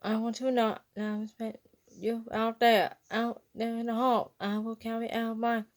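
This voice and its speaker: A woman voicing a hyper, eager young male sea sponge in a fan storybook reading, shouting drill-like proclamations. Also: on the high side, level tone, measured pace, natural voice. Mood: speechifying.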